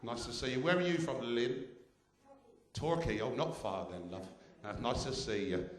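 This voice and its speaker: A man's voice: medium pitch, moderate pace, roomy sound. A male stand-up comedian on a theatre stage, cheekily teasing the audience.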